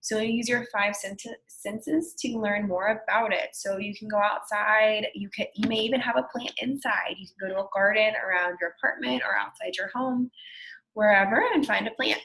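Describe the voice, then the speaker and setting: Young adult woman, elementary teacher, remote lesson; patient, encouraging, sounds out words slowly for kids. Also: medium pitch, steady tone, gravelly, fairly bright tone, rough recording.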